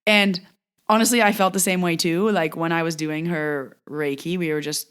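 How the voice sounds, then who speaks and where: A woman's voice: fairly low pitch, steady tone, moderate pace, fairly bright tone, clean tone. A woman hosting her own podcast, casually telling a story about a client in a chatty way, full of fillers, and acting out what people said. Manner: chatty, filler-heavy, acts out quoted dialogue. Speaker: podcast host and Reiki practitioner. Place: lives in a Canadian mountain town.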